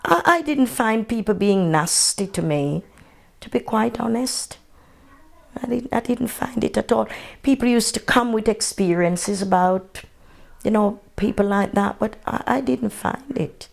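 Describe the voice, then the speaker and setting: In an oral history interview, an older Jamaican woman with a Jamaican accent recalls her memories unhurriedly and matter-of-factly. Her voice is a little high and gravelly.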